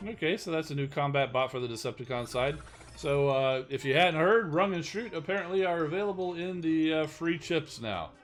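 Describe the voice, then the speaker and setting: A man's voice: on the high side, brisk, soft background music. A man streaming a mobile game live and chatting casually, rambling and self-deprecating with lots of fillers.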